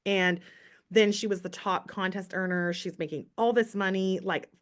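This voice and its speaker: A woman's voice: mid-range voice, fairly even intonation, moderate pace, smooth. A woman in her thirties telling her story in a chatty, motivational way on a casual team call. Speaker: direct sales team leader.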